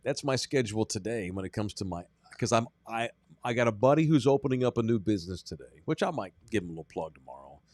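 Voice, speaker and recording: A man's voice: fairly low pitch, lively intonation, quick pace, darkish tone, no room sound. A man hosting a sports podcast, chatting casually and rambling in a self-deprecating way. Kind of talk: casual chat.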